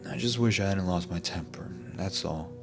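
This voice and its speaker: A man's voice: low-pitched, normal speed, music in the background. A man voicing a friendly young man who talks casually and reassuringly.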